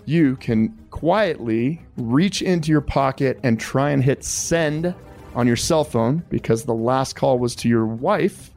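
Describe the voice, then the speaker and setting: Man, host, middle pitch, polite, sir-heavy, dramatic scenario telling. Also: darkish tone. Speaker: podcast host. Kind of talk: interview with a survival game.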